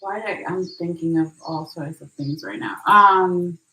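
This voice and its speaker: A woman's voice: lowish voice, measured pace, sharp tone. A woman giving a casual, chatty tarot reading, often checking in with "okay?" and laughing at her own slips. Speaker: tarot reader. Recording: echoey room.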